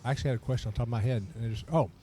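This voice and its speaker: A man hosting a podcast, telling stories in a relaxed, chatty way and laughing often. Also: medium pitch, very fast. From Texas. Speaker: podcast host. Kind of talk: casual chat.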